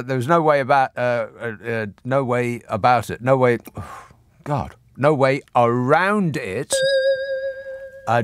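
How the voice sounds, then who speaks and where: Radio host guy, dry close studio mic, wry and chatty, mid pitch. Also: no echo. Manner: wry, chatty, laughs often. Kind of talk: casual radio phone-in chat. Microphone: studio microphone.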